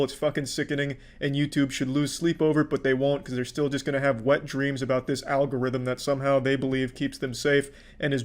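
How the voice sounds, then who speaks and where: A young man giving a casual commentary monologue in a deadpan, flat delivery, swearing often. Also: medium pitch. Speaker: commentary YouTuber.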